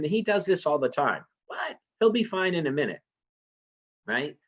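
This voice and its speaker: A man gives an informal literature lesson, often checking in with listeners by asking "right?". His fairly high, bright voice is very animated at a normal speed, and the recorded lecture sounds slightly muffled and lo-fi.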